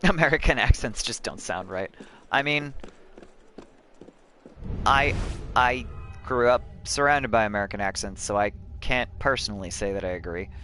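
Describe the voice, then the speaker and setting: Guy streaming a game, kinda low voice but bright and sharp, rambles and ums a lot while he plays. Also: animated, normal speed, long pauses, soft background music. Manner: rambling, thinks aloud with many ums. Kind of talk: casual live-stream chat.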